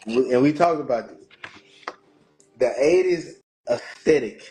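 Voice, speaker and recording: A man's voice: mid-range voice, a little slow, warm tone. Man, podcast co-host, casual slangy chat, repeats words, faint music behind. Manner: laid-back, slangy, repeats himself.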